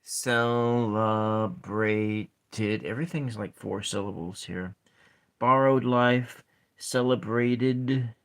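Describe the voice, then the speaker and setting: Very slow soft-spoken man. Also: mid-range voice, steady tone. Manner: slow, halting, counts syllables aloud. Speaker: ASMR channel host. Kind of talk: soft-spoken ASMR poetry session.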